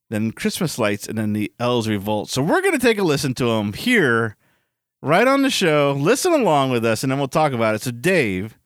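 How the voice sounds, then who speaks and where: A man hosts a casual podcast, joking and laughing often. His voice swings in lively fashion and sounds dry and close. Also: on the high side, clear, resonant tone, no room sound. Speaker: podcast host. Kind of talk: casual chat.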